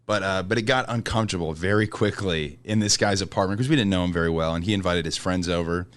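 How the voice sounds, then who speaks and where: A man's voice: low-pitched, fast talker, fairly bright tone. A man, a comedian and podcast guest, telling stories in casual chat and often laughing mid-sentence.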